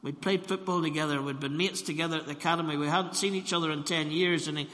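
A man preaching a sermon, pausing for effect and building to loud emphasis. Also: on the high side, fairly even intonation. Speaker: pastor. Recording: long reverb of a large hall.

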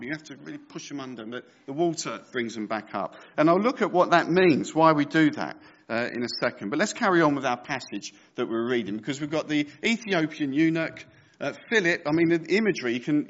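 A man's voice: medium pitch, a bit bright, dull audio. A man preaching a sermon as pastor, reading scripture with conversational, joking asides.

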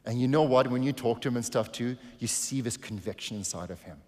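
Male pastor, mid-pitched, earnest sermon delivery, echoing sanctuary sound. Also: fairly quick, few pauses. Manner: earnest, shifts from hushed to emphatic.

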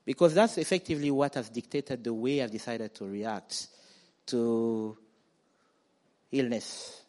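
A man preaching a sermon, animated, acting out quoted voices and building to loud declarations. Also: medium pitch, measured pace. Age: adult parent.

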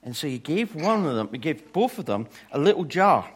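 A man preaching a sermon with a story, animated and swinging from loud to hushed. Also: on the high side, moderate pace, slightly rough.

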